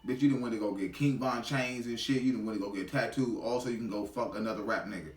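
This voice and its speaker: A man's voice: lowish voice, fairly even intonation, fast, echoey room, distant mic. Heated profane man ranting off-mic. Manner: heated, profane, repetitive street slang. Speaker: reaction video commentator. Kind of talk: ranting reaction commentary.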